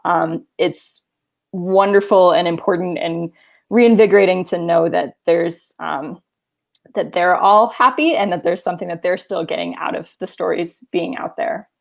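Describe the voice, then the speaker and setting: A woman filmmaker talks through a Q&A in an earnest, rambling way, full of fillers. Her voice sits fairly low and carries a strong gravelly fry. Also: fairly even intonation, moderate pace. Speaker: documentary filmmaker. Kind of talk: video-call Q&A, casual.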